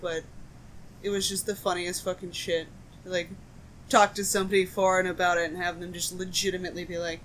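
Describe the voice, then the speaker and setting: A woman from the Midwest, co-hosting a podcast, telling stories in a casual, profane, animated way. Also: on the low side, a little fast, slight background noise. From American Midwest. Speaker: podcast co-host. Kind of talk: casual chat.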